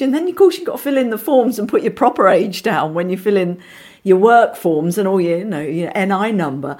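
An actress telling lively anecdotes in a casual interview, with frequent restarts and asides. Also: female voice, medium pitch, a little fast. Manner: animated storyteller, many restarts, acts out voices. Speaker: actress guest.

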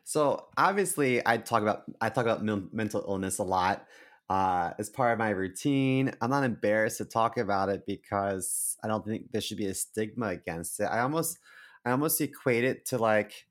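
Rambling low-voiced man. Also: lively intonation, moderate pace, a bit bright. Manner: rambling with many fillers and restarts, candid. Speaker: podcast co-host. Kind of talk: casual chat.

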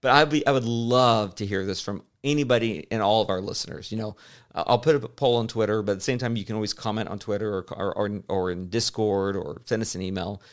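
A man's voice: fairly low pitch, steady tone, quick pace. A man in his forties co-hosting a podcast, talking in a rambling way, cutting himself off mid-sentence and laughing easily. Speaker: podcast co-host. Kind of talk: casual chat.

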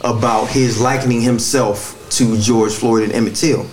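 A male podcast host talks in a loose, casual way. He gets animated and swears freely as he lays out his thoughts. His voice sits at an ordinary mid pitch. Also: normal speed, a little hiss or hum. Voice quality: animated, profane, conversational.

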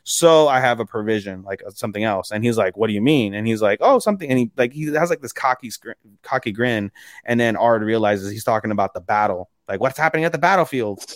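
A man co-hosting a podcast, casually recapping episodes in an animated way, acting out characters' lines and swearing freely. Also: fairly low pitch, quick pace, no room sound, clean studio sound. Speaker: podcast co-host.

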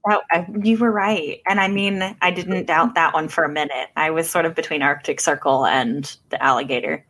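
A woman's voice: low-pitched, normal speed, fairly bright tone. A woman hosting a podcast, setting up a game and teasing her guests in casual chat. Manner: playful, teasing. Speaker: podcast host.

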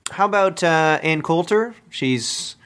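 Bright-voiced deadpan male podcast co-host. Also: on the high side, slow, clear, resonant tone. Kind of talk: comedy podcast chat.

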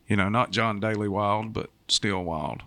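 A man in his fifties co-hosting a podcast in laid-back, joking casual chat, a little hoarse. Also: fairly low pitch, unhurried, bright, forceful tone, no echo. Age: 50s. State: slightly hoarse. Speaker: podcast co-host.

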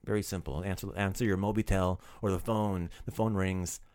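A man's voice: deep voice, fairly even intonation, moderate pace, a little mellow, no echo, clean studio sound. A man teaching a casual podcast language lesson, upbeat and playfully teasing his student.

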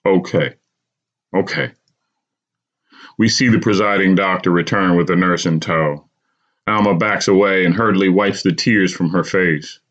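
A man hosting a podcast, narrating a dramatic story in a measured storytelling voice, on a slightly dull recording. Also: deep voice, fairly even intonation, a bit bright. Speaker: podcast host.

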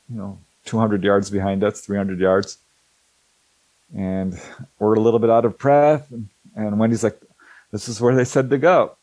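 Middle-aged guy, lowish voice, telling a story all animated, acting out what people said, dry close sound. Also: no echo, low-quality recording. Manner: animated storyteller who acts out dialogue; hesitant restarts and fillers. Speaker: interview guest. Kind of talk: casual anecdote telling.

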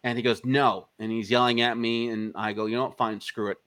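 A man's voice: mid-range voice, fast talker, clean tone. A man, an indie filmmaker being interviewed, telling a long anecdote in casual, profane speech and acting out the other people's lines. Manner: animated, profane, acts out quoted dialogue.

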